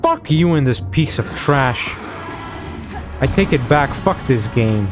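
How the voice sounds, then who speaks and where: Male streamer, swearing, sarcastic and exasperated, very lively pitch, game music running underneath. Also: takes it slowly. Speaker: gaming streamer. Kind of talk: frustrated gameplay commentary.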